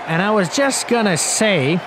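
A young man giving rambling, casual play-by-play commentary over a cricket video game, getting excited on big shots. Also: sits high, measured pace. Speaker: gaming commentator. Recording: loud crowd and game noise behind.

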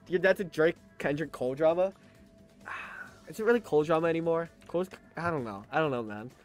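A man's voice: on the high side, a little fast, faint music behind. A young man streaming a game, chatting casually and ranting in rambling reactions to his chat.

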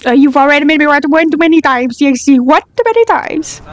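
A young woman hosting a reaction video, talking back at the screen, excitable and swearing freely. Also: sits high, fast talker, dry recording. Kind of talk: casual reaction commentary.

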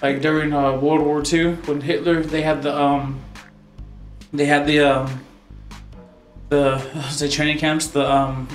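A man's voice: on the high side, little pitch movement, a little slow, long pauses. A young man co-hosting a podcast in casual chat, rambling with lots of fillers and laughing often. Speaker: podcast co-host. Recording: echoey room with faint music.

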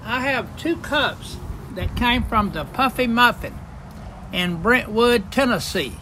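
Bright high-voiced man in his eighties. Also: expressive, slow, slight background noise. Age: 80s. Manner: plain, matter-of-fact, brief answers. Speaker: guest, retired principal.

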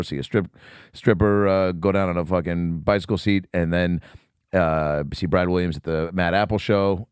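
A man's voice: low-pitched, clean tone, no room sound, clean studio sound. A man hosting a comedy podcast, telling rambling stories in a casual, profane way. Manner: animated, profane, jumps between voices in anecdotes. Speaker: podcast host. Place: podcast studio.

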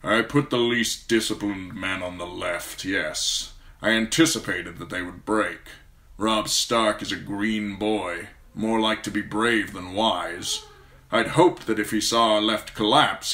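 A man reading an audiobook, voicing a cold, calculating older lord who speaks slowly and evenly. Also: on the low side, steady tone, bright, forceful tone. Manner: slow, measured, cold.

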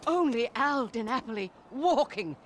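A woman's voice: on the high side, animated, normal speed, slight background noise, lightly acted. An actress playing a starstruck, dotty older English woman with a breathless, gushing manner, in video game dialogue.

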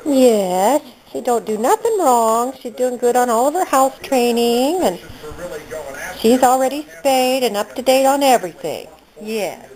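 A woman cooing to her dog at home in playful baby-talk, her voice swooping up and down with sing-song, giggly delight. She speaks slowly and stays fairly high. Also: expressive, a little mellow, poor audio. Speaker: dog owner showing a dog for adoption. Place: home living room, indoors.

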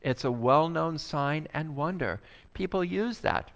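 A male pastor preaching a sermon, animated and acting out a complaining crowd. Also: on the high side, unhurried, gravelly.

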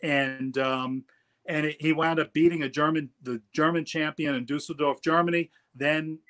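Chatty middle-aged man, slightly high voice. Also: fairly even intonation, normal speed, fairly bright tone. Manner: chatty, repeats words as he goes. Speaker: attorney guest. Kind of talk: casual interview storytelling.

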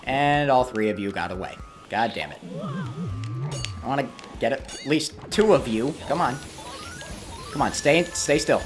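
A man narrating his gameplay in a casual, running commentary, quick to curse and plead when things go wrong. His pitch is lively and leaps around between calm remarks and sudden outbursts. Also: music in the background. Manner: easily frustrated, swears and pleads at the game. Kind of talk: let's play commentary.

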